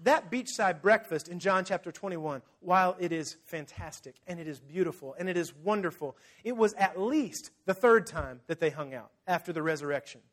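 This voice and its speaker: A man's voice: sits high, moderate pace, hardly any pauses. A man preaching a sermon, telling the story vividly, acting out scenes and speaking straight to his congregation. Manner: lively storytelling, acts out scenes; addresses the congregation directly. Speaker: pastor.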